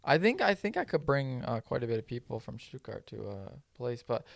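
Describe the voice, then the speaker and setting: A young man co-hosting a podcast, chatting casually and telling animated stories. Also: medium pitch, creaky, dry recording, clean studio sound. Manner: animated storyteller, jumps into quick quoted voices. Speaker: podcast co-host. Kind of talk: casual chat.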